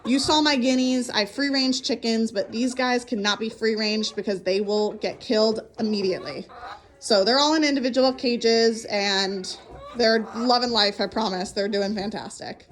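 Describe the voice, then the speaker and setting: A woman's voice: steady tone, normal speed. A young woman giving a casual walking tour of her farm, chatty and upbeat, a little out of breath, filmed on a handheld phone. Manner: chatty, upbeat, calls animals in a high voice. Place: outdoors on a farm and in a barn. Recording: faint outdoor background noise.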